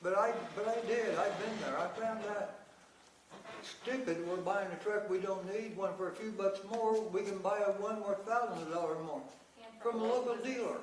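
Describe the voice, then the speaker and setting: Guy ranting at a county board meeting, highish voice, picked up from far off. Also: moderate pace. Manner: heated, confrontational, blunt. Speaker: public commenter. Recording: echoey room, distant mic, faint noise.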